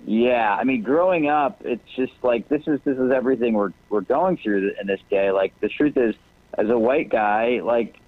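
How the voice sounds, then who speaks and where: A man's voice: medium pitch, moderate pace, no room sound. A man from Detroit speaks over a thin, phone-like line with a dry, close sound. He is a TV writer chatting casually as a guest. He rambles reflectively and keeps restarting his sentences. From Detroit, USA. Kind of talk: casual interview chat.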